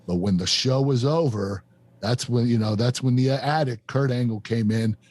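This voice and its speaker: A man in his fifties, a guest on a podcast, telling a painful personal story in a halting, emotional way with many fillers and restarts. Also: mid-range voice, darkish tone, no room sound. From United States. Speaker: guest, former pro wrestler.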